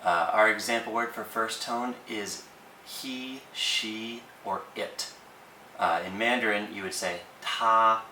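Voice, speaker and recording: Male tutor, casual and chatty, bright tone, roomy distant sound. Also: lowish voice, slow, a little hiss or hum. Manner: relaxed, with frequent ums and uhs. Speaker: language teacher. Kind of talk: casual explanatory lesson.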